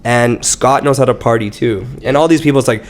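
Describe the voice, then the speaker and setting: A man telling stories in casual podcast chat, animated and swearing, quoting himself and others. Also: medium pitch, fairly quick. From Canada. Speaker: podcast guest.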